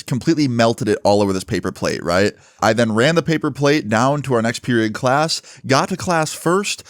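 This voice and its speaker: A man's voice: medium pitch, no room sound, studio quality. A man narrating a storytime in a casual, chatty way, swearing freely.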